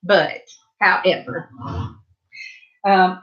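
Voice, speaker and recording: Painting on a livestream, this middle-aged woman with a Southern US accent rambles chattily to her viewers, tossing in asides. Her pitch is medium and a bit bright, her pace slow with long pauses, and the recording is dull.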